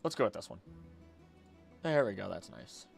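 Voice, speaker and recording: A man streaming casually, skimming text aloud quickly with mumbled filler and breaking into loud, heated rants. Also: lowish voice, sing-song, gravelly, faint music behind. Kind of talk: casual live-stream chat, reading aloud.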